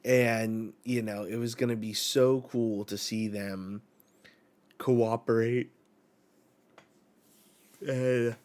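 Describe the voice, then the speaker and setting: A man hosting a live manga reaction, thinking out loud with lots of fillers and reading lines aloud. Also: mid-range voice, fairly even intonation, takes it slowly, pauses often. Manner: reads lines aloud in a slightly raised voice. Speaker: manga reaction channel host.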